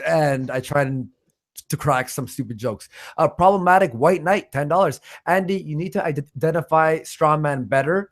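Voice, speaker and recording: A man with a slightly higher than usual voice hosts a casual livestream. He reads viewer donations aloud in a loose, profane way and laughs easily between them. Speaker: livestream host reading donations.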